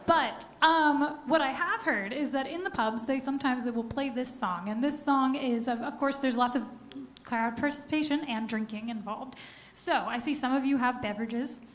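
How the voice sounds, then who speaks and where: Chatty high-voiced woman on stage. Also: moderate pace, a little hiss or hum. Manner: chatty, giggly, rambling asides. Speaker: singer and band member. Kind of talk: live stage banter between songs. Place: live music venue stage. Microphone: stage vocal mic. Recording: roomy live concert sound with band music.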